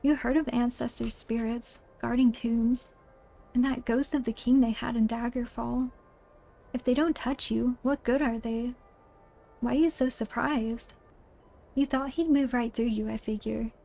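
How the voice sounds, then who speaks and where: A woman voicing a boastful male thief who talks in rough, folksy slang. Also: on the high side, steady tone, unhurried, dark tone, faint music behind. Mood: dismissive. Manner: ungrammatical folksy thief talk.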